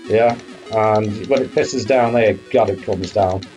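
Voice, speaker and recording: A man's voice: fairly low pitch, a little slow, dark tone, muffled recording. Guy hosting a game stream, easygoing chatter, swears a bit, faint music in the back. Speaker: streamer host. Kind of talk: casual live-stream chat.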